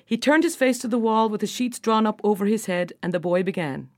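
Woman narrating a folktale, even-pitched. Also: brisk. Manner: expressive, voices the characters with raised pitch. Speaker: storyteller.

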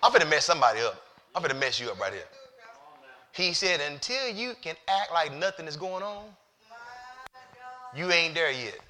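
A male pastor preaching a sermon, moving from hushed, halting storytelling to loud, shouted exhortation. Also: fairly high pitch, big pitch swings. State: near tears.

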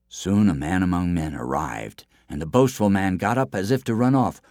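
A man narrating a children's folk tale in an expressive storybook style. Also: low voice, moderate pace, hardly any pauses, no room sound, clean studio sound. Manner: expressive, lively reading aloud.

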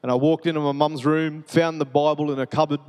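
A man preaches with an earnest, repetitive cadence, now quiet and gentle, now pressing and urgent. His voice sits a little high for a man. The sound rings with the long reverb of a large church hall. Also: fairly even intonation, fairly quick, clean tone. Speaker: pastor. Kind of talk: sermon with personal testimony.

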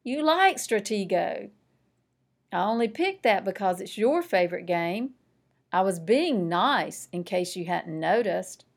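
A woman reading as a calm young girl, quiet and even, storybook voice. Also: mid-range voice, unhurried.

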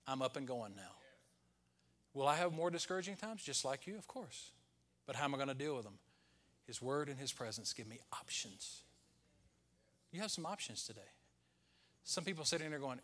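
Man preaching with loud swells. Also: mid-range voice. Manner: preaching with loud peaks and hushed, whispered quotes. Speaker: pastor. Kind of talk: sermon.

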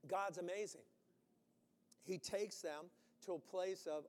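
A man preaching a sermon, animated, acting out quotes with sudden loud bursts. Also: high voice, slow, long reverb tail. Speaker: pastor.

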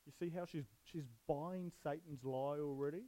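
A man's voice: fairly high pitch, steady tone, moderate pace, dark tone, rough recording. A man preaching on a Bible passage in a casual, jokey way, often putting questions to his listeners. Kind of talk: casual sermon with questions to the audience.

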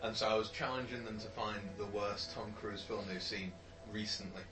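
A man's voice: on the low side, steady tone, moderate pace, distant mic. A man co-hosting a casual movie commentary podcast, laid-back and opinionated about films. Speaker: podcast co-host. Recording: echoey room, music behind.

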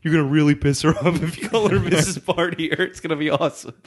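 A man's voice: a little high, fairly even intonation, fast talker, breathy edge. Laughing young man telling a story. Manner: laughs often, acts out voices in his story. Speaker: podcast host. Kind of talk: casual storytelling chat.

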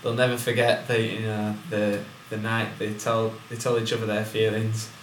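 A young man co-hosting a casual comedic chat, cracking dry deadpan jokes. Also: lowish voice, moderate pace. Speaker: podcast co-host. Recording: echoey room with faint hiss.

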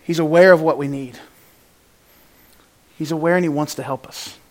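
High-voiced preacher with dynamic swings. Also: male voice, moderate pace. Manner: animated, swings from loud to hushed, acts out quotes. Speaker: pastor. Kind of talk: sermon.

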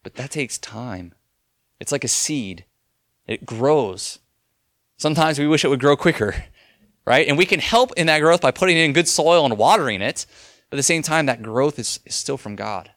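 A young man preaching in an earnest, conversational manner, circling back and restarting his phrases as he works through a point. His voice sits at an ordinary middle pitch. The sound is dry and close, with no room around it. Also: expressive, normal speed, a bit bright, no echo. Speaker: pastor. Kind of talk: sermon.

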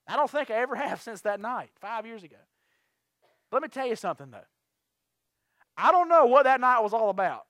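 A pastor tells stories from the pulpit in a high voice, rambling and restarting as he goes. His voice is dry and close, with no room sound. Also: no echo. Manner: rambling, lively storytelling with many restarts. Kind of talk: storytelling sermon.

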